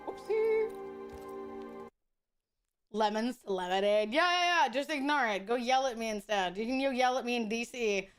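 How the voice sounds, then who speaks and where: A woman's voice: fairly high pitch, brisk, hardly any pauses, soft background music. A woman streaming a game, chatting casually with her viewers in crude, teasing banter and laughing often. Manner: frequent laughter.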